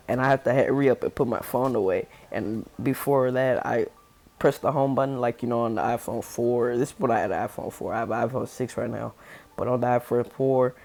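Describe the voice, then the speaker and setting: A man's voice: mid-range voice, creaky, darkish tone. A teenage boy telling a school story in a casual, rambling, slangy way over gameplay. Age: teens. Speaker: gaming channel storyteller.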